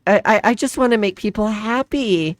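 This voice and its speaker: A woman's voice: medium pitch, takes it slowly, no echo, pitched above the performer's own voice, natural voice. A woman doing a stammering, pleading distressed girl. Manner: stammering, pleading, near tears. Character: distressed young woman bound by a dark deal.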